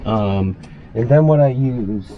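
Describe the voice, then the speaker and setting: A man's voice: mid-range voice, slow, phone-quality sound, a little hiss or hum. A man chatting loosely through a casual cooking vlog inside his small RV, full of fillers and asides.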